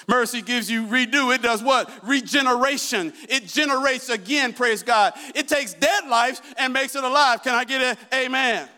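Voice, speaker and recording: A man's voice: very high voice, normal speed, pushed and bright. A man preaching a sermon, constantly calling out to the congregation with questions and asking for amens. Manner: call-and-response, asks the congregation questions.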